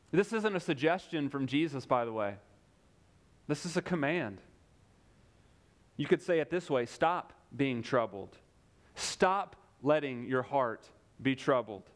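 Young male pastor, sermon delivery, a touch high-pitched, emphatic with deliberate pauses. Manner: emphatic, with repeated phrases and dramatic pauses.

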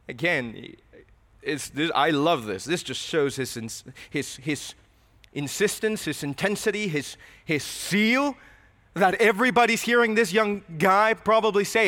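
In a reverberant hall, a pastor preaches a sermon in an earnest, questioning way, frequently repeating his words. His voice sits high and fairly bright, and he speaks a little slowly.

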